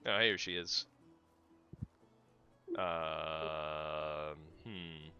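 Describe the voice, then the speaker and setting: A man's voice: very deep voice, very slow, pushed and bright, clean tone, highs cut off, soft background music. An American man livestreaming a game, chatting casually and teasing his co-host in joking banter. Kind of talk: casual chat while gaming.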